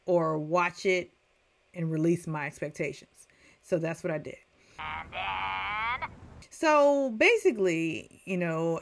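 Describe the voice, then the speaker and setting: A middle-aged woman reviewing a TV episode in a casual rant, chatty and animated as she talks straight to her viewers. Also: lowish voice. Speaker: TV recap reviewer.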